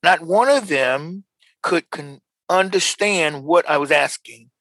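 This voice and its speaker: A man's voice: a little high, slow pace, fairly bright tone, dry recording, low-quality recording. A man preaching a sermon emphatically, repeating key lines and calling on listeners to respond.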